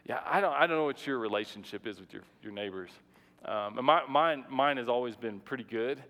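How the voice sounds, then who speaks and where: A man in his thirties, a pastor telling a personal story in a sermon, animated and conversational with frequent restarts and fillers. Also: mid-range voice, fairly quick. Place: church sanctuary. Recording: long reverb of a large hall.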